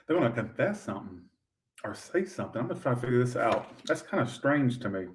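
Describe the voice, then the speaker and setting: Speaking fast in a sing-song, mid-range voice, this man does a tarot reading on a livestream. He rambles, swears, and gets sassy as he addresses his viewers directly.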